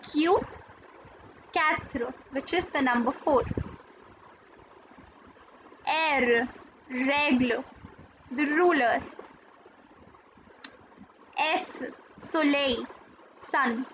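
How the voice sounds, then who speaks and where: A woman teaching a French lesson, slowly and patiently, repeating and spelling out words. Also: high voice, a bit bright. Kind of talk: slow classroom explanation. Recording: dull lo-fi video audio, faint hiss.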